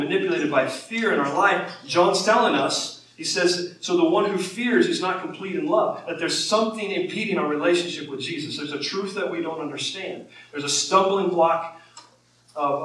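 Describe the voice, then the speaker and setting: A pastor preaches a sermon conversationally, his voice rising when he quotes scripture. He speaks at normal speed in a fairly high, slightly bright voice, recorded from far off in an echoey room with slight background noise.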